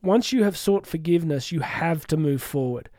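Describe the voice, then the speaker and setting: Earnest man with a mellow voice. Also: a little high, expressive, normal speed, no echo, clean studio sound. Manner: earnest, reflective, with frequent restarts and asides. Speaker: podcast host and coach. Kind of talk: solo podcast monologue.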